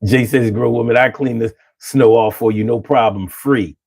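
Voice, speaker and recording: A man's voice: mid-range voice, big pitch swings, normal speed. A young man hosting a casual stream, freestyling loosely and riffing on viewer comments in a streetwise way. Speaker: livestream host reading chat. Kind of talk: casual freestyle rap and chat.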